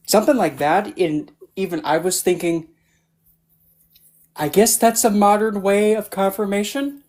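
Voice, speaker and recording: A man's voice: medium pitch, darkish tone. Man, guest author, casual livestream chat, meandering storyteller who loses and finds his thread. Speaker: book club guest and author.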